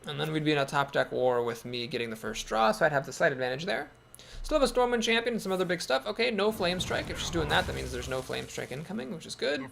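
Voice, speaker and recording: A man's voice: a little high, animated, fast talker, vocal fry, a bit bright, a little hiss or hum. A man giving casual commentary on a card game, thinking aloud in a wry, self-doubting way. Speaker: gameplay commentator.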